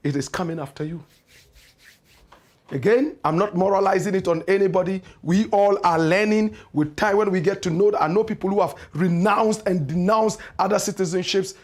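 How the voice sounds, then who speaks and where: A man with a high voice and a Ghanaian English accent hosts a political commentary show. He preaches with passion, driving each point home through repeated rhetorical refrains. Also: moderate pace. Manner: impassioned, preachy, repetitive rhetorical cadence. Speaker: radio and online show host.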